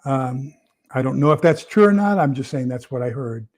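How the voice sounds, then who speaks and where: A man's voice: mid-range voice, expressive, normal speed. A man hosting a casual livestream, rambling with many fillers and repeated words as he reads viewer comments. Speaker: prepper channel host.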